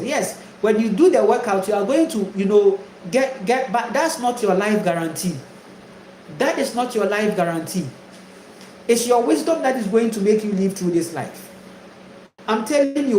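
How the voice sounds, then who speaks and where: A man's voice: high voice, darkish tone, echoey room, slight background noise, rough recording. A man from Ghana preaching a spiritual monologue, emphatic and repetitive, full of rhetorical questions. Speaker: spiritual teacher.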